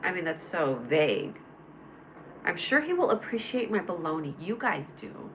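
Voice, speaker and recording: A woman's voice: fairly low pitch, sing-song, normal speed, a bit bright, a little hiss or hum. A woman hosting a casual livestream, chatting in a bubbly, rambling way and answering her viewers by name. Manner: bubbly, rambling, reads chat comments aloud and answers viewers. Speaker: livestream host.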